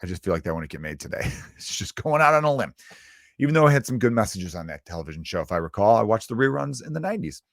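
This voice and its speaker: A young man from the Chicago area hosts his own podcast and talks in a loose, crude comedic monologue that keeps veering into asides. His voice sits fairly low. The sound is close and dry, with no room around it. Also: very animated, quick pace, dry recording. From Chicago area, United States. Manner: crude, riffing, self-interrupting with asides.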